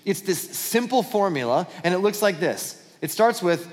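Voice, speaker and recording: A man's voice: high voice, expressive, moderate pace, in a large hall. A man preaching a sermon as pastor, telling a Bible story with acted-out dialogue and frequent restarts.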